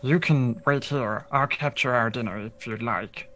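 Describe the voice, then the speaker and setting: A man voicing a small, quick tree-climbing creature who talks in broken, clipped phrases. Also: medium pitch, pushed and bright, no room sound. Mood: bossy.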